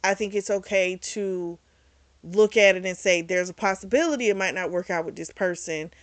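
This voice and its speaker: A woman hosting a book club channel, recapping a novel in a casual, animated way and swearing freely. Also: medium pitch, normal speed, no room sound.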